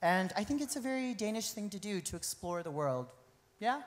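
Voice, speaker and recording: On stage at a live pageant in a concert venue, a woman hosts with a medium-pitched, expressive voice, talking a little fast. She banters playfully with the contestants and laughs often.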